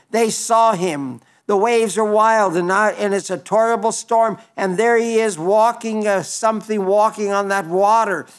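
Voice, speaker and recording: High-voiced man preaching a sermon. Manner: earnest, reads scripture aloud then explains it with frequent restarts. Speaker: pastor.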